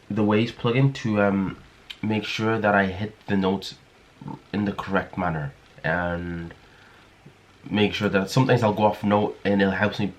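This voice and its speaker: A man hosting a casual music production tutorial, talking in a hesitant way with many fillers and restarts. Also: lowish voice. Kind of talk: casual screen-recorded tutorial.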